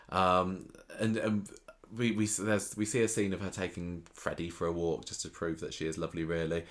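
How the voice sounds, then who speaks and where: A man's voice: low-pitched, fairly quick, fairly bright tone. A man co-hosting a podcast, recapping episodes with sarcastic asides in a casual chat. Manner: sarcastic, mimics characters in quotes. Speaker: podcast co-host.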